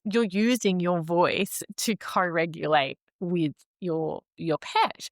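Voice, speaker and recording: A woman appears as a podcast guest and explains the nervous system calmly and in a measured, teacherly way, often saying "like" and "um." Her voice is on the low side, and the recording is dry and studio quality.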